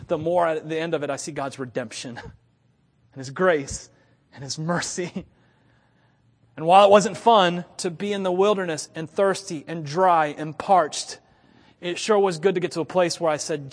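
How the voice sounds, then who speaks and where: Pastor, 30s, male: high voice, lively storyteller, laughs often, long hall echo. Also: moderate pace. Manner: animated storytelling with frequent laughs. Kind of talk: sermon.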